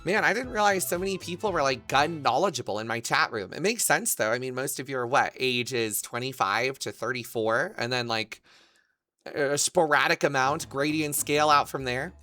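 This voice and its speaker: A man's voice: medium pitch, moderate pace, sharp tone, faint music behind. A man livestreaming casually, reading his chat messages aloud and answering them with crude, profane jokes. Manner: crude, profane, joking banter.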